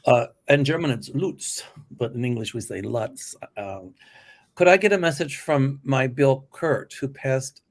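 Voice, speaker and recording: A man's voice: mid-range voice, expressive, normal speed. A man hosting a live psychic stream, reading viewers' questions aloud and answering them plainly. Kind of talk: casual live-stream chat.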